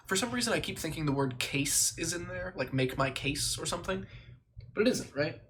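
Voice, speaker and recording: A man streaming live, thinking aloud and reciting memorized lines in quick bursts, stopping to correct himself. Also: on the high side, animated, fairly bright tone, a little hiss or hum. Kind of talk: casual livestream chat, reciting lines from memory.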